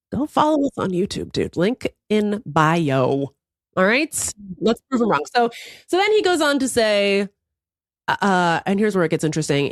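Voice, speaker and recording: A woman's voice: medium pitch, dry recording, clean studio sound. A woman co-hosting a podcast, telling a story in casual chat with swearing and frequent laughter. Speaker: podcast co-host.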